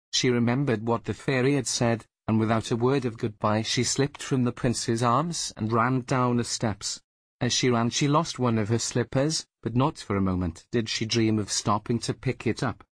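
A man reading a fairy tale aloud as storyteller, slow and deliberate. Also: mid-range voice, dry recording.

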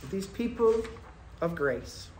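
A man's voice: expressive, slow, slight background noise. Man telling stories in a sermon. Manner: storytelling, swinging between loud bursts and soft, low asides. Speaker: speaker at a Quaker meeting.

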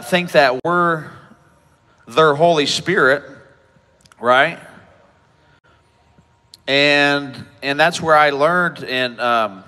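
A man giving an emotional personal testimony from a conference stage, halting and often repeating himself as he talks. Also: a little high, sharp tone, big-room sound. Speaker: preacher speaking at a conference.

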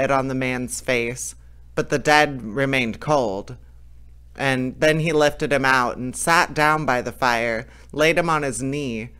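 A man reading an old fairy tale aloud in a lively way, now and then stumbling and restarting a phrase. His voice is smooth and clear, sitting at an ordinary middle pitch. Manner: lively, with small slips and restarts. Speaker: storyteller.

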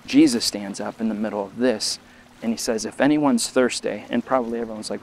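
A man's voice: lowish voice, steady tone, brisk, a little mellow, slight background noise. A male pastor preaching a conversational sermon, repeating words as he goes and raising his voice when he quotes. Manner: conversational preaching with restarts, rising when quoting.

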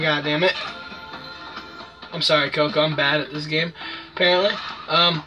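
A gamer giving casual, profane gameplay commentary, yelping and shouting whenever the game goes wrong. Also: mid-range voice, steady tone, moderate pace, pauses often. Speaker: let's play gamer. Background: game music.

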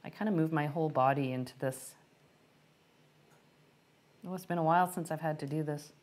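A middle-aged woman hosting a live-stream baking lesson, chatting warmly and answering viewers' questions as she works. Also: low-pitched, a little fast. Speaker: baking instructor.

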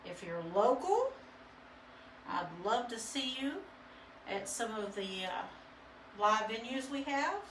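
Very animated yet slow, with long pauses, a painting instructor who owns a studio rambles through a live demo, using many fillers. Her voice is fairly high and a bit bright, and the recording has a roomy echo and a little hiss or hum.

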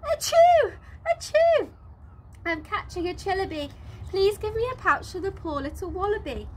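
A woman voicing a small, upset boy wallaby who wails and sneezes in a high, sobbing voice. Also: fairly quick. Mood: whining.

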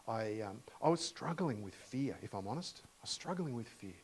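An Australian man preaching a sermon as a visiting preacher, talking conversationally and asking the congregation questions, swinging from loud emphasis to hushed near-whispers. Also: mid-range voice, animated, normal speed, a little hiss or hum, rough recording.

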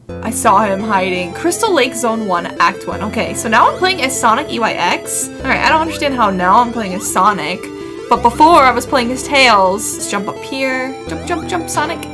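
A woman's voice: on the high side, expressive, moderate pace. A woman commentating as she plays a horror game, jumpy and gasping, talking to the game and to viewers. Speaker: gaming youtuber. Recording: music behind voice. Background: game music.

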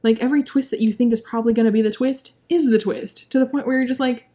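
A young woman giving a casual, exasperated book review, animated, laughing often and saying "like" a lot. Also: fairly high pitch, fast.

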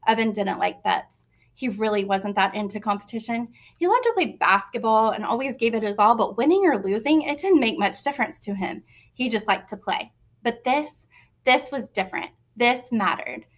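Expressive woman reading a children's novel. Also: fairly high pitch, normal speed. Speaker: reader. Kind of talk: storybook narration.

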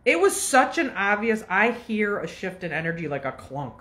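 A woman's voice: medium pitch, big pitch swings, normal speed, fairly bright tone. A woman in her fifties telling a long, agitated story straight to her viewers, swearing and jumping between asides. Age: 50s. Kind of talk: casual rant to camera.

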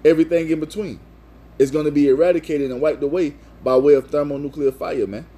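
A man's voice: on the high side, fairly even intonation, fast, dark tone, a little hiss or hum. A man preaching in a video sermon, reading scripture and driving each point home with repeated "man" and "you see.".

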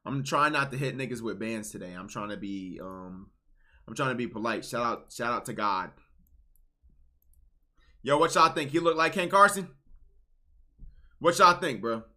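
A man streaming casual reaction commentary, blunt, swinging between low muttering and loud outbursts. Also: normal speed, pauses often.

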